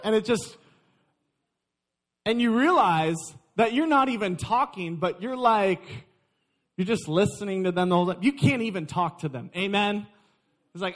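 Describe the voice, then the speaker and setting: A young adult man preaching a sermon, lively and joking with his congregation. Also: high-pitched, normal speed, pauses often. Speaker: pastor.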